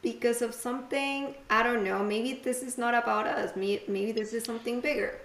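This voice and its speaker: A woman's voice: fairly high pitch, steady tone, normal speed, reverberant. A woman co-hosting a casual podcast chat, agreeable and musing aloud. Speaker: podcast co-host.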